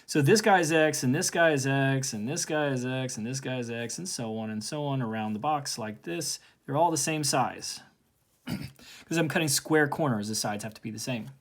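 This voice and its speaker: A man's voice: medium pitch, normal speed. A man teaching a recorded calculus lesson from home, casually talking through each step aloud. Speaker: math teacher.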